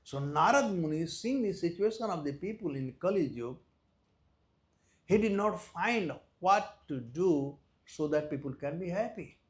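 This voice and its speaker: A man with an Indian accent giving a devotional lecture, telling a story with loud stresses and soft drops and nonstandard English grammar. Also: on the high side, lively intonation, unhurried. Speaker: visiting speaker at a temple.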